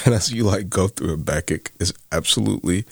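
A very deep-voiced man talks through ideas on a podcast, earnest and pressing his points with rising emphasis. He is recorded close on the mic in a dry, dead room. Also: fairly quick, gravelly, fairly bright tone, husky, no echo. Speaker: podcast co-host. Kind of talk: casual faith discussion.

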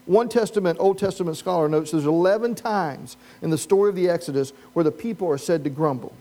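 A man preaching a sermon as pastor, animated and humorous, prompting the congregation with questions. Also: on the high side, a little fast.

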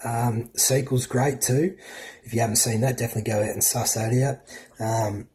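A man's voice: mid-range voice, steady tone, normal speed, a little mellow. A man with an Australian accent giving a casual, profanity-laced film review as a podcast co-host. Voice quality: swears freely, loose and chatty.

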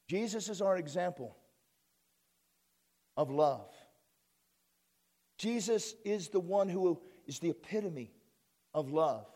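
A man pastoring his church, preaching a sermon with folksy asides and sudden rises in pitch and volume. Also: animated, normal speed, long pauses, a little mellow.

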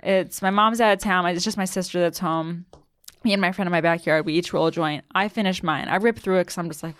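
A woman's voice: on the low side, fairly quick, no room sound. Chatty young woman telling a wild story. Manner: animated, lots of "like", acts out quotes. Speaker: guest. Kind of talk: casual storytelling.

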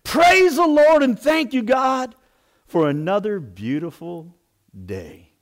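A man voicing a devout elderly woman who shouts her praise to God at the top of her lungs. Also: mid-range voice, big pitch swings, a little slow. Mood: exultant.

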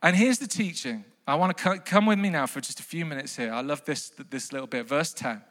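A man's voice: a little high, a little fast, few pauses, a bit bright, big-room sound. A man preaching a sermon, emphatic, repeating key phrases and asking the congregation questions.

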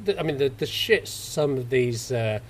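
A man's voice: mid-range voice, expressive, moderate pace, slight background noise. A man hosting a casual chat, explaining ideas plainly and swearing now and then. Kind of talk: casual conversation.

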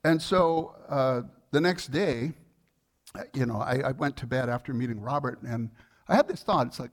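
A male pastor preaching a sermon in a conversational, earnest way, telling a personal story with fillers and restarts, and growing soft and quiet in tender moments. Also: moderate pace. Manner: softens and lowers his voice in tender moments.

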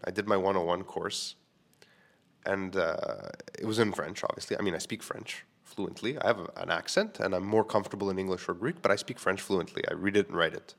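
A man in his thirties, from Quebec, hosts his own podcast alone. He talks in a candid, rambling way and leans on filler words. His voice sits on the low side. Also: gravelly, fairly bright tone. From Quebec, Canada. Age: 30s. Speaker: podcast host. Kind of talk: solo podcast monologue.

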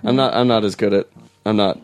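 A man's voice: on the low side, steady tone, a little fast, no room sound. A man hosting a casual comics chat, laid-back, laughing often and trailing off into fillers. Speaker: podcast host.

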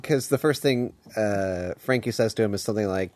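A man co-hosting a podcast, chatting casually and retelling scenes from a TV episode in a relaxed, deliberate way. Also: fairly low pitch. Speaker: podcast co-host. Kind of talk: casual chat recapping a TV episode.

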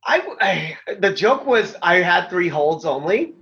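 A high-voiced middle-aged man spins loose, rambling stories, packed with fillers and casual swearing. The recording sounds dull and lo-fi, with the top end rolled off. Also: big pitch swings, slow, pushed and bright. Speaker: former pro wrestler, guest. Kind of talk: casual storytelling.

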